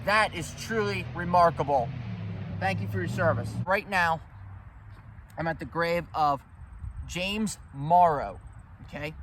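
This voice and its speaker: A man with a high, light voice talks emphatically in an outdoor cemetery, giving a walk-and-talk history lesson. He rambles and restarts his sentences and keeps addressing his viewers as ladies and gentlemen. Faint outdoor noise sits behind him. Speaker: history vlogger.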